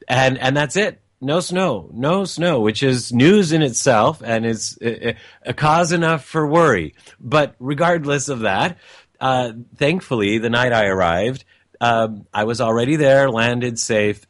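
A man's voice: mid-range voice, dry recording, clean studio sound. A man telling a personal family story in a reflective, meandering way, with frequent restarts and asides.

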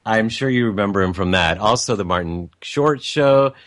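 A man's voice: lowish voice, lively intonation, fairly bright tone. A male talk show host from the US West Coast, interviewing a guest with many fillers and restarts. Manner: halting, many fillers and restarts, laughs along. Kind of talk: casual interview.

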